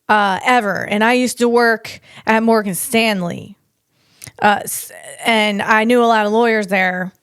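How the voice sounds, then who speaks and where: Slow-talking woman comedian host. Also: fairly high pitch, clear, resonant tone, no room sound, studio quality. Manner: animated storytelling with acted-out quotes. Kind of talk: casual comedic monologue.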